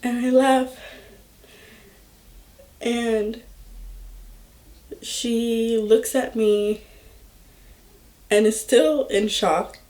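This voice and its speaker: A young woman vlogger telling a personal story in a slow, halting way, full of filler words. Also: a little high, fairly even intonation, a little mellow. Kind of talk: storytime vlog.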